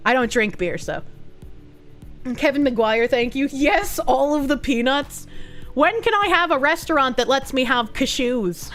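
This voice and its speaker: Sarcastic woman streamer with a rough throat. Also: high voice, lively intonation, unhurried, fairly bright tone, faint music behind. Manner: reads chat and news aloud with blunt, sarcastic asides and frequent swearing. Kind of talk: casual livestream chat reading donations.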